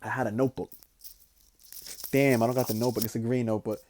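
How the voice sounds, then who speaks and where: Young male podcast host, mellow voice, animated profane storyteller with lots of fillers. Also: medium pitch, quick pace, slight background noise. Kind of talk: casual storytelling.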